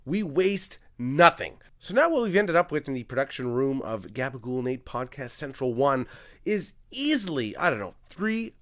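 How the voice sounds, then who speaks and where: A man hosting a comedy podcast, delivering a monologue in an energetic, mock-grandiose and self-mocking manner. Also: mid-range voice, normal speed. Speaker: podcast host.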